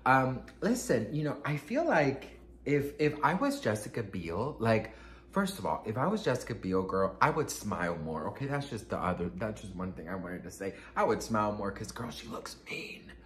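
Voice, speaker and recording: A man telling a casual gossip storytime on his vlog, sassy and expressive, swearing freely and calling the viewer "girl". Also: fairly low pitch, moderate pace, roomy sound. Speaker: vlogger.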